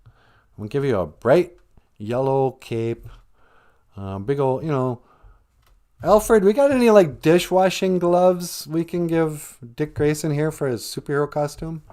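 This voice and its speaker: A man's voice: medium pitch, measured pace, long pauses, warm tone, voice pushed up, close to an everyday voice. A man voicing a smug, self-pitying rich hero who brags and keeps bringing up his own loss, in a comic spoken retelling. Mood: boastful. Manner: boastful, oblivious, talks up his own sad past.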